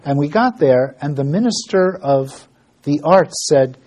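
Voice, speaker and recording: Man, mellow husky voice, casual ministry storyteller, halting with fillers. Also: a little high, lively intonation. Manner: storytelling with frequent fillers and restarts; acts out dialogue in quoted voices. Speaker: ministry worker giving an update. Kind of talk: informal spoken ministry report.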